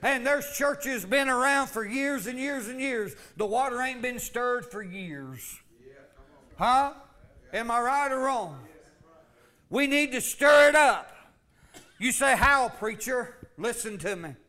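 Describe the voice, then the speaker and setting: A man preaching a fervent sermon, swinging from loud calls to low asides. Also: lively intonation, slow pace. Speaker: pastor.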